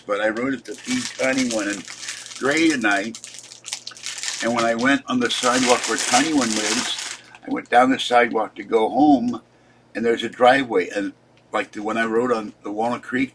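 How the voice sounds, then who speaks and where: With a mid-range voice and noise in the background, a Pittsburgh vlogger in his seventies sounds tired and upset. He rambles through a casual vlog, griping until his words trail away.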